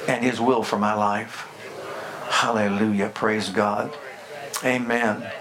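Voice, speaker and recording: A man's voice: fairly high pitch, a bit bright. Older male pastor preaching in rhythm. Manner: rhythmic preaching with repeated call-and-response phrases. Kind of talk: sermon.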